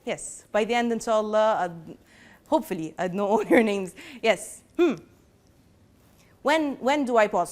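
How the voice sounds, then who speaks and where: Lively Egyptian woman teaching a class. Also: medium pitch, a little slow. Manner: lively, mixes Arabic and English, teasing. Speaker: lecturer. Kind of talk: classroom lesson.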